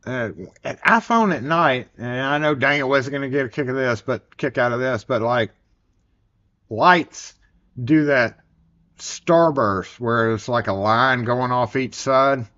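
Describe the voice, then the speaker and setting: Speaking at a medium pitch and a slightly slow pace, this livestream host has a sharp tone and a Southern US accent. He rambles and jokes through a laid-back stream, captured in dull, lo-fi audio.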